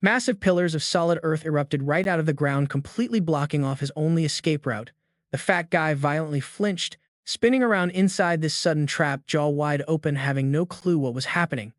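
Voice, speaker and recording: A man's voice: on the high side, a little fast, no echo, studio quality. A man narrating a comic recap in a dramatic, emphatic storytelling manner.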